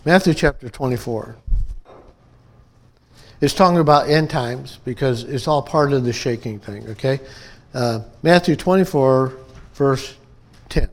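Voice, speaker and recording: A man's voice: medium pitch, measured pace, pauses often. A pastor from upstate New York delivering a conversational sermon to his church, often checking in with the congregation by asking "okay?" and "amen?".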